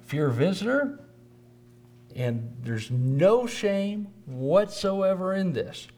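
A man's voice: sits high, very animated, slow pace, a little mellow. A man preacher teaching a church class lesson, conversational and repeating words for emphasis.

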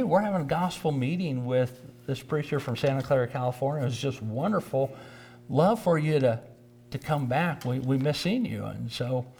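A man's voice: medium pitch, darkish tone. A man preacher teaching a church class lesson, conversational and repeating words for emphasis.

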